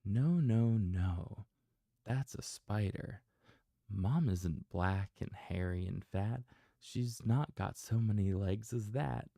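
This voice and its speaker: A man's voice: lowish voice, slow pace, creaky, mellow, no room sound, studio quality, exaggerated voice. A man voicing a little lost baby monkey in a bedtime storybook reading, speaking insistently in rhyme. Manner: insistent, rhyming storybook lines.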